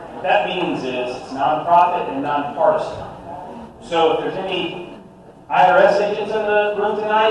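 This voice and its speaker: A middle-aged man with a Southern US accent from South Carolina, giving a joking, conversational speech to a political meeting crowd. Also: fairly high pitch. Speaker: guest speaker at a political meeting. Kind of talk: live public speech. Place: large meeting hall, indoors. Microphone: distant from the microphone. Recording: echoey hall recording from far off, with noise.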